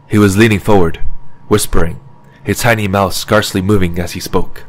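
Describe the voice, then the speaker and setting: Low calm male audiobook narrator. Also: normal speed.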